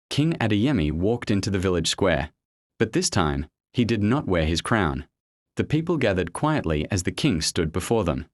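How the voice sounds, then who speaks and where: A man tells a folktale in scripted storytelling narration, measured and expressive. His voice is low, with lively rises and falls. The sound is dry and close. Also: no room sound.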